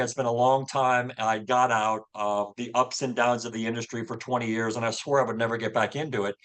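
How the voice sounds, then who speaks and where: He speaks in a mid-range, somewhat bright voice: a Louisville, Kentucky man in his fifties, guesting on a podcast. It's a casual interview where he tells a personal faith story earnestly, with many restarts and filler words.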